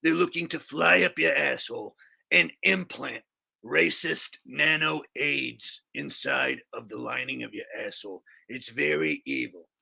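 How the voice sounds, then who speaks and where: A man's voice: medium pitch, unhurried, bright, forceful tone, pitched below the performer's own voice, full character voice. A man impersonating a ranting male conspiracy radio host, growling dead-serious warnings. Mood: alarmed, ranting. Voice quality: gravelly, growled delivery.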